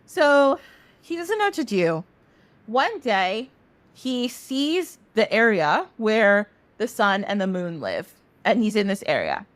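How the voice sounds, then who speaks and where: A woman's voice: medium pitch, takes it slowly. A woman podcast host retelling a myth in a casual, chatty way. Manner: animated, chatty, laughs easily. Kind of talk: casual storytelling.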